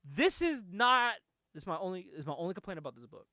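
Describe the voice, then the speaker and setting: A young man with a bright, forceful voice and a slightly high pitch, chatting loosely about a comic, laughing easily between lines. The sound is dry and close, with no room around it. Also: very animated, quick pace, no echo. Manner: laid-back, laughs often, loose retelling with many "like"s. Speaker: podcast co-host. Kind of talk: casual comic book review chat.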